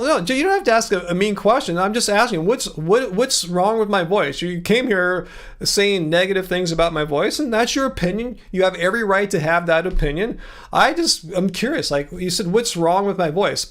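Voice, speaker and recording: A man from Southern California with a laid-back SoCal accent, hosting a casual livestream and answering chat with a loose, filler-heavy delivery and lots of emphasis. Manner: lively pitch swings, emphasizes words by jumping up. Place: room with musical instruments.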